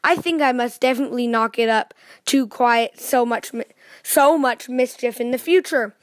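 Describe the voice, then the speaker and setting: A woman voicing a mischievous little male storybook character who giggles and cries out in excited squeals. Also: a little high, moderate pace, no echo, clean studio sound, natural voice. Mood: dismayed.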